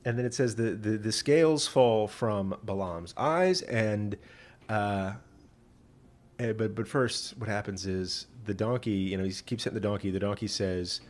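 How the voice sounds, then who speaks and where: Joking, conversational rabbi. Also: male voice, lowish voice, measured pace. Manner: humorous, conversational, many fillers. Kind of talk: casual retelling of scripture.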